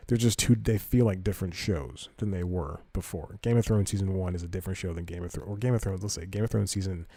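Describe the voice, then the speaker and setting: A man's voice: low voice, fast, warm tone, no echo. A man hosting a comedy podcast, rambling through news stories in a casual way, correcting himself often and reading articles aloud. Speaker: podcast host.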